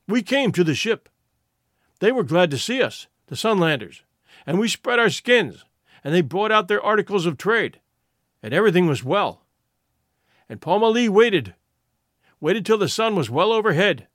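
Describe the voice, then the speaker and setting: A man reading the lines of a wounded, boastful village fighter in slow, solemn, formal speech. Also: sits high, a bit bright, no echo, clean studio sound, full character voice.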